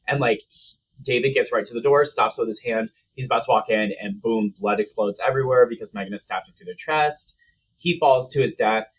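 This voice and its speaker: Husky-voiced man gossiping through a movie recap. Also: medium pitch, brisk. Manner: profane, chatty, lots of "like". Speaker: podcast co-host.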